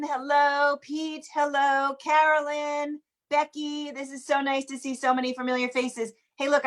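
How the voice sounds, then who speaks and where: A woman with a notably high voice hosts a live sing-along over a video call. She chats warmly and casually, greeting one viewer after another by name. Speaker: host of an online sing-along. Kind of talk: casual welcoming chat. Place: home, in Washington DC.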